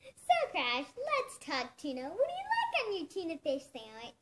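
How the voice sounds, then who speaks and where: A woman's voice: very high-pitched, huge pitch swings, moderate pace, heavy background noise, full character voice. An actress playing a bossy, jealous youngest sibling in a cold-read scene, giving commands and guarding her place. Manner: commanding, territorial.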